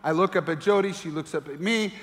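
Middle-aged male pastor, high voice, lively storytelling sermon, echoing hall. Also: brisk. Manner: animated storyteller, acts out voices. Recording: long reverb of a large hall.

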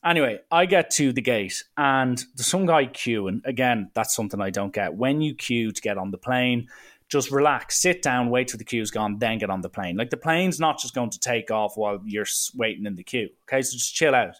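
An Irish man tells a story at a plain middle pitch, casual and animated. He sounds exasperated and mocking, and swears now and then as he rants. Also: normal speed. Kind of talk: casual anecdotal rant.

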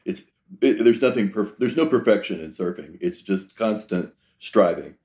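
Man, podcast host, lowish voice, reflective, metaphor-heavy conversation. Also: animated, moderate pace, a little mellow. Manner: reflective, talks in extended metaphors. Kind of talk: conversational interview.

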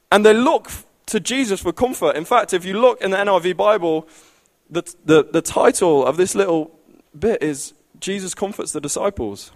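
A man preaching a sermon with passion, building to loud pleading climaxes. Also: high voice, fairly quick.

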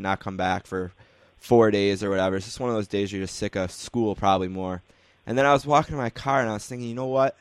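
Relaxed, rambling male podcast host. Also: fairly low pitch, clean tone, no echo. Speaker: podcast host interviewing players. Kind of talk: casual interview chat.

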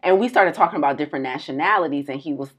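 A woman's voice: deep voice, rapid-fire, breathy edge, dull audio. A woman from the United States co-hosting a podcast, telling a story in casual chat and acting out the people in it. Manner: animated storyteller acting out quoted voices. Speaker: podcast co-host.

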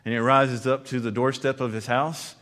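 A male pastor preaching a sermon, earnestly shifting between loud emphasis and quiet, slow lines. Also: mid-range voice, little pitch movement. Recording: long hall reverb.

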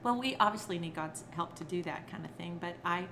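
A middle-aged woman who works as a children's entertainer speaks briskly in a fairly low voice as a podcast guest. In this casual interview chat, she animatedly acts out her stories and quotes. The background is noisy.

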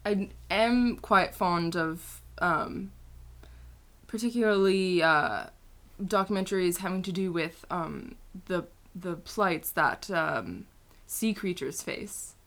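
Woman impersonating a young male pop star: bright, slow, halting, full of ums. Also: lowish voice. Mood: earnest.

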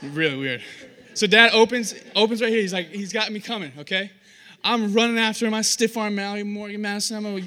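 Bright-voiced young male preacher. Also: sits high, a little fast. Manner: animated, self-deprecating storytelling with acted-out voices. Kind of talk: sermon.

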